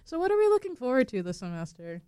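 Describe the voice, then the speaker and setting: A woman's voice: sits high, big pitch swings, fast, warm tone, smooth, no echo, studio quality. A young woman hosting a student radio show, chatting casually and laughing often with her co-hosts. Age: young adult. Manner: chatty, giggly, prone to laughing. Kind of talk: casual chat.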